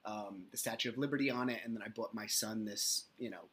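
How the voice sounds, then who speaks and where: A man's voice: lowish voice, brisk, fairly bright tone, slight background noise. A man in his thirties hosting a solo podcast, telling his story in a candid, profane and exasperated way. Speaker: podcast host.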